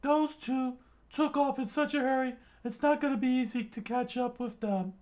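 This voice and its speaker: A man's voice: very high-pitched, fairly even intonation, normal speed, darkish tone, pitched above the performer's own voice. A man voicing an earnest, well-meaning teenage boy pirate in a manga read-aloud, speaking in a reassuring way.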